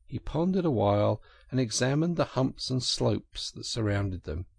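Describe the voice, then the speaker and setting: A man narrating a classic storybook in an expressive, animated reading. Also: mid-range voice, moderate pace, gravelly, husky, no echo. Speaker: audiobook narrator.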